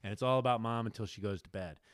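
A man's voice: fairly low pitch, quick pace, smooth, no room sound, studio quality. A man speaking as a podcast guest and food activist, ranting fierily and swearing constantly. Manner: fiery, profane ranting. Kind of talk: casual podcast conversation.

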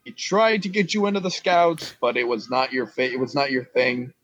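Halting male game master, dry sound. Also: mid-range voice, fairly bright tone, no room sound, muffled recording. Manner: loose, halting with fillers. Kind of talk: narrating a tabletop game.

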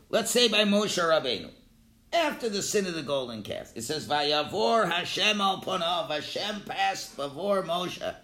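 A man giving a Torah class lecture, animated, calling out his examples loudly. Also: high-pitched, measured pace. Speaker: Torah teacher. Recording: echoey room.

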